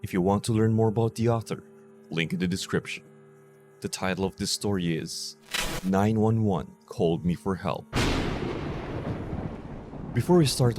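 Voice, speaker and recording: Low-voiced man narrating horror. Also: background noise.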